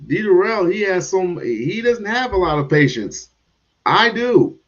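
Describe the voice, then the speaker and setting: A man with a fairly high voice hosts a livestream and talks very slowly and bluntly to his chat. His speech has a drawling, unhurried rhythm. The audio is dull and lo-fi, as stream audio often is. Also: very animated, a bit bright. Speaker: livestream host. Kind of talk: livestream commentary.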